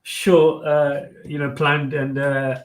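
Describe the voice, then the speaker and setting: A man's voice: fairly high pitch, little pitch movement, takes it slowly, a little hiss or hum. Friendly hesitant male stream host. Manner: friendly, hesitant, filler-heavy. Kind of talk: casual stream sign-off.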